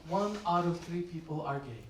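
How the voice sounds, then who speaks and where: A man from Turkey doing a stand-up comedy set, telling stories in a deadpan way and acting out the other people in them. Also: fairly high pitch, moderate pace. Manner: deadpan storytelling, acts out voices in quotes. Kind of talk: stand-up set with crowd work. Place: comedy club stage. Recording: roomy live club sound, mic distant, crowd noise. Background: audience laughter.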